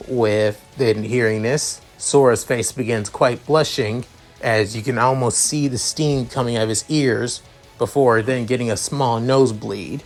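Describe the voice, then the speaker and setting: A man reading his own fan story aloud in a halting, improvised way, often restarting his sentences. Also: medium pitch, steady tone, soft background music. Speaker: story reader.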